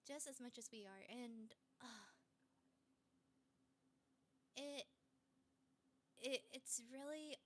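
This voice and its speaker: A woman streamer retelling a story in a casual, animated way, with many fillers. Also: a little high.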